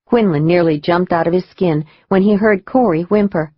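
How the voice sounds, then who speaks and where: Low-voiced woman reading a thriller audiobook. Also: normal speed, few pauses, no room sound, muffled recording. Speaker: audiobook narrator. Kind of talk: scripted thriller narration.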